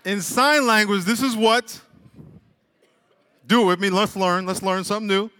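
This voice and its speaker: A male pastor preaches to his congregation, getting them to repeat words back to him. His voice sits a bit high and swings between loud calls and quieter joking asides. The sound carries a long reverb from a large church hall. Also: steady tone, moderate pace, clear, resonant tone. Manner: call-and-response, has the congregation repeat words. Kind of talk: sermon. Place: church sanctuary.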